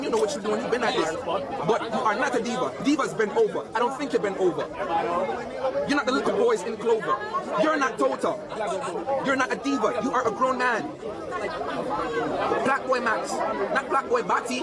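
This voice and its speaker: A man's voice: very high-pitched, fairly quick, pauses often. A man delivering a preachy, repetitive, mocking rant at a streamer. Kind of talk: lecturing rant. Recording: loud crowd around.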